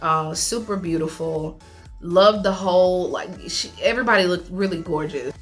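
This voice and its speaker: A woman chatting casually as she recaps a reality show, animated, laughing often and talking with lots of fillers. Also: lowish voice, moderate pace, faint music behind.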